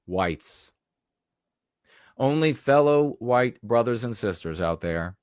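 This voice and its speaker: A man's voice: medium pitch, clear, resonant tone, dry recording, clean studio sound. A man giving a rhetorical, indignant commentary monologue, repeating phrases for emphasis. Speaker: political commentator.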